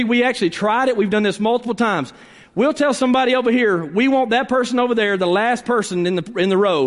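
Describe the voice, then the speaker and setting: High-voiced preacher in a reverberant church. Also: male voice. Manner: preaching with dramatic drops to a hush and rising emphasis. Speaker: pastor. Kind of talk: sermon. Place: church sanctuary.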